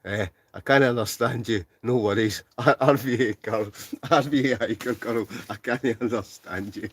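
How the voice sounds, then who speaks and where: A Scotsman in his forties, hosting a laid-back livestream from a tent, takes his time reading through viewers' comments. His voice sits in the middle range, and he often breaks into laughter and mumbles somewhat.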